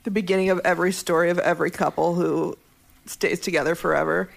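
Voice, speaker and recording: A woman's voice: lowish voice, fairly even intonation, quick pace, vocal fry, low-quality recording. A woman hosting a podcast, chiming in with playful, teasing asides. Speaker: podcast host. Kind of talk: casual chat.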